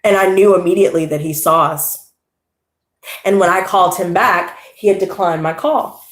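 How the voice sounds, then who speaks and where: A woman's voice: fairly low pitch, normal speed. A young woman casually telling a personal story, rambling and swearing, with a lot of "you know" and "like". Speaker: tarot channel host. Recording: echoey room.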